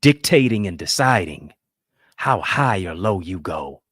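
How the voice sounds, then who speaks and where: A man delivers a motivational talk in a preaching style, his pitch swinging widely from line to line. He keeps checking in with his listeners through quick questions and call-and-response. The sound is close and dry, with no room around it. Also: sing-song, a bit bright, husky, no echo. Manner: call-and-response, rhetorical questions, playful quoted voices. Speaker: motivational speaker.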